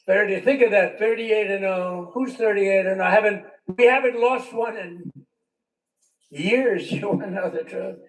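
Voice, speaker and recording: Speaking at normal speed in a high voice, an older man on the campaign trail gives a rambling, repetitive rally speech peppered with asides. The large venue holds a crowd, and he sounds roomy and far from the mic.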